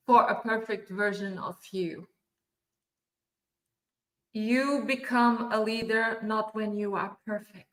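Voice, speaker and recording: Slow-speaking woman giving motivational speech. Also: medium pitch, steady tone. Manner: repetitive, affirming with frequent "yes". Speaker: keynote speaker at a virtual summit. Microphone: video call. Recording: roomy echo.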